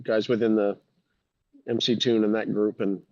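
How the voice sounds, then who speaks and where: A man's voice: on the low side, level tone, moderate pace, mellow, dry recording. A man chatting as a guest on a casual talk show, easygoing with hesitant fillers. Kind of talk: casual podcast chat. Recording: dull lo-fi dry mic.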